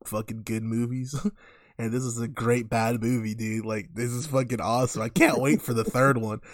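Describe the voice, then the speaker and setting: A man co-hosting a casual movie review chat, swearing freely and laughing a lot as he gets excited. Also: medium pitch, moderate pace, no room sound, studio quality. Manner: profane, laughs often, excited retelling. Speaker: podcast co-host reviewing a movie.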